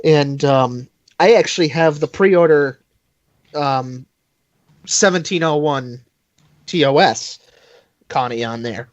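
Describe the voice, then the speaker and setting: A man with a somewhat high voice rambles through a casual chat as a podcast guest, full of fillers, restarts and self-deprecating asides. The sound is dry and a little dull, like lo-fi call audio. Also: slow pace, long pauses, dry recording.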